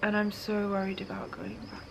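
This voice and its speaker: A woman's voice: mid-range voice, monotone, fairly quick, gravelly, slight background noise. Musing, emotional young woman vlogger. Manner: emotional, musing, tearful at times. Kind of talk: reflective voice-over diary.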